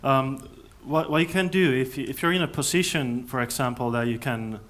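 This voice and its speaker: A man speaking at a conference, answering audience questions in a thoughtful, halting way with many restarts. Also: medium pitch, a bit bright. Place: conference hall.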